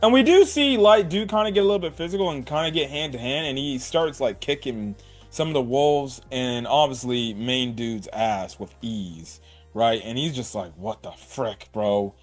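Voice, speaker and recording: A man's voice: medium pitch, moderate pace, soft background music. A man casually recapping an anime episode in a slangy, rambling way, filling his talk with "like", "bro" and "right". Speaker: anime reviewer.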